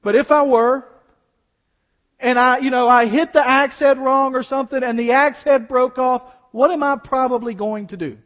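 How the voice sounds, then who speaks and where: A man's voice: very high-pitched, steady tone, normal speed. A middle-aged man, a pastor, preaching a sermon in a conversational way, asking the congregation questions and adding humorous asides. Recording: dull sound with long reverb.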